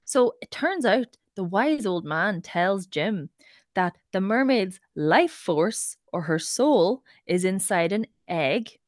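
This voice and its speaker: A woman co-hosting a folklore podcast, telling the story with a bouncy, expressive voice. Her voice sounds close and dry, with no room around it. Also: medium pitch, slow, no echo. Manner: chatty, gossipy retelling. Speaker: podcast co-host. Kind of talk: comic storytelling chat.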